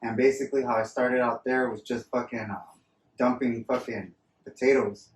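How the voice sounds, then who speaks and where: A man's voice: medium pitch, steady tone, normal speed, far from the mic. Casual male co-host, swears a lot, rambles, off-mic in a roomy space. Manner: profane, rambling storyteller. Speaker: podcast co-host. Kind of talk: casual chat. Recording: roomy sound, voice away from mic, faint ambience.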